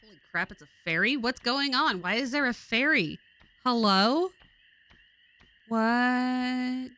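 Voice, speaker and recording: A woman's voice: fairly high pitch, slow pace, no echo. A woman in her forties from California, chatting casually and laughing often while streaming a game. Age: 40s. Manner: rambling, laughs often, animated.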